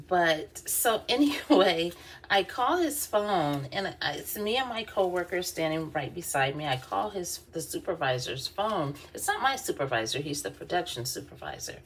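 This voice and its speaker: Lady chatting on her vlog, laughs a lot, real lively voice. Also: lowish voice, a little hiss or hum. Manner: chatty, laughs often, many fillers. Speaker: vlogger. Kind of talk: casual storytelling while doing her hair.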